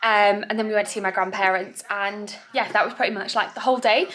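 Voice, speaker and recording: A woman's voice: mid-range voice, fairly even intonation, fast talker. A young woman from England chatting casually in her vlog, rambling and talking to her dogs now and then. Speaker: vlogger.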